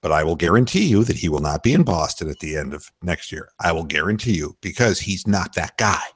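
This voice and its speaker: A man's voice: deep voice, expressive, fairly quick, breathy edge. A man hosting a sports talk radio show, chatting casually with emphatic, sarcastic opinions.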